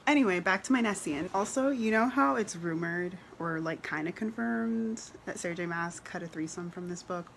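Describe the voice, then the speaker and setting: A woman's voice: lowish voice, moderate pace, gravelly, hardly any pauses, fairly bright tone, a little hiss or hum. A young woman filming a casual book vlog, gushing and emotional, often laughing as she talks. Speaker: book vlogger. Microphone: camera mic.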